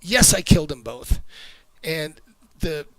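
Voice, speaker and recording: A guilt-wracked drunk stable hand, stuttering and scowling in a tabletop game, as a game master puts him on. His voice rides high and sharp, cracking under the weight of what he has done. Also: sing-song, very fast, no room sound, poor audio. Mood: panicked. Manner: stammering, frantic, scowling.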